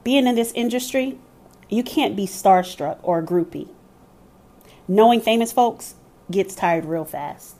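A woman's voice: mid-range voice, measured pace, warm tone. A woman giving scripted first-person narration of a story, telling it in a candid, wry way.

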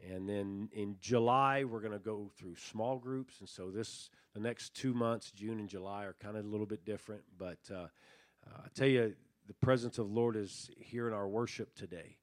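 A man's voice: fairly low pitch, normal speed, dry recording, studio quality. A male pastor preaching a sermon to his congregation in a loose, conversational way, with fillers and restarts, building intensity as he retells a story. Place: church sanctuary.

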